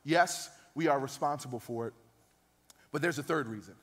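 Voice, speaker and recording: A man's voice: medium pitch, normal speed, long reverb tail. A man in his thirties, a pastor, preaching a sermon with emphatic, rising peaks. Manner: emphatic, builds to loud peaks.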